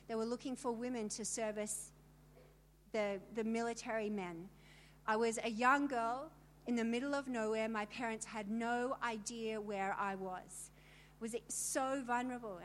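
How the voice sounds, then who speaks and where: A middle-aged woman with a high voice shares her testimony with a gathering of women. She tells it in vivid detail and turns to the listeners with emphatic asides. A faint hiss sits under her voice. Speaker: speaker telling her story to a women's gathering. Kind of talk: personal testimony talk.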